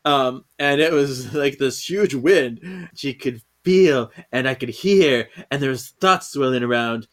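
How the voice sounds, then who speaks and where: A man co-hosting a podcast, laid-back and quick to laugh, recapping a comic in loose phrasing. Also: medium pitch. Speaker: podcast co-host. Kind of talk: casual chat, reading a comic aloud.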